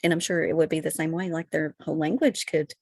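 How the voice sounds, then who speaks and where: A woman's voice: low-pitched, fairly even intonation, quick pace, darkish tone, breathy edge, no echo. A woman from Kentucky with a Kentucky accent, a podcast guest chatting casually, full of "you know" and "like". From Kentucky, USA. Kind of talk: casual conversation.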